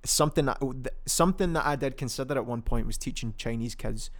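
A man's voice: medium pitch, fairly quick. A young Scottish man hosting a podcast, chatting casually on his own and rambling with plenty of ums and restarts. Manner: chatty and rambling, lots of ums and self-corrections. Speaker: podcast host. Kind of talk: casual solo podcast chat.

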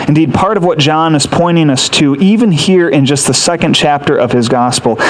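A pastor delivers a sermon in an earnest, teaching manner, guiding listeners through a scripture passage and repeatedly posing rhetorical questions to draw them in. His voice is at an ordinary pitch. The audio is poor, with a faint layer of noise underneath.

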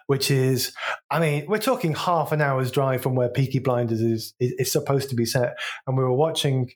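A man's voice: medium pitch, normal speed. A man from Wolverhampton with a Wolverhampton accent, co-hosting a podcast in chatty, inquisitive conversation. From Wolverhampton, England. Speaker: podcast co-host. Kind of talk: casual chat.

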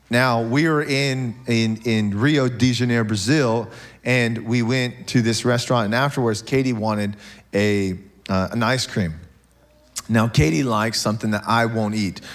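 A man preaching a sermon in church, animated and joking with the congregation, often checking in with "okay?". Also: medium pitch. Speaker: pastor.

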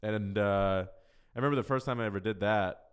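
A man's voice: fairly low pitch, a little fast, clear, resonant tone. A man hosting a solo podcast, answering listener questions in casual chat, talking frankly and profanely with a rambling, loose flow. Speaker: podcast host.

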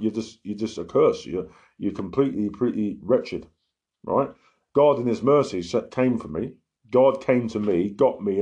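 A man with a very low, dark, mellow voice preaches in an earnest, emphatic way. He keeps checking in with the listener as he talks. The recording sounds dull and lo-fi. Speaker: lay preacher giving testimony. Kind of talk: informal preaching.

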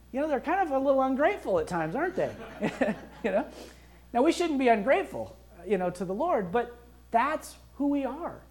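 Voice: high-pitched, big pitch swings, fairly quick, darkish tone. A pastor preaching a sermon in a conversational, emphatic way, acting out prayers and quotes as he goes. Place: church.

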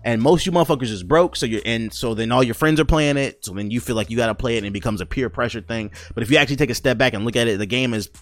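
A man's voice: mid-range voice, very fast, hardly any pauses, soft background music. A man hosting his own podcast, rambling and joking in a casual, profane rant. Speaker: podcast host.

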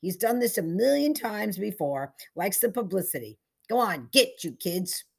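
A woman's voice: medium pitch, sing-song, normal speed, creaky, slightly rough, exaggerated voice. A woman reading aloud, voicing a whiny, bossy small-town sheriff.

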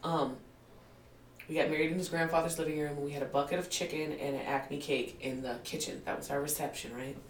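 A woman's voice: sits low, brisk, a little hiss or hum. A woman in her forties telling her life story in a candid interview, laughing often and acting out what people said. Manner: animated storyteller, laughs often, acts out quotes. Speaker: guest. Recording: roomy, distant mic with faint ambience.

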